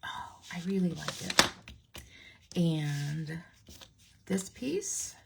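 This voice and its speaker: A woman's voice: low-pitched, expressive, very slow, vocal fry, heavy background noise. A woman giving a casual card-making tutorial, chatty and playful, speaking directly to her viewers as she works.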